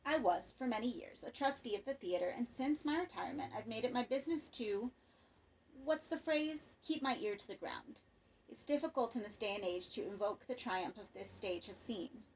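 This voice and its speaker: A woman's voice: a little high, moderate pace, recorded from a distance, slight background noise, natural voice, low-quality recording. A woman reading an audiobook voices a cultured retired male theater trustee who speaks persuasively and rhetorically. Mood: grave. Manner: courtly, melodramatic.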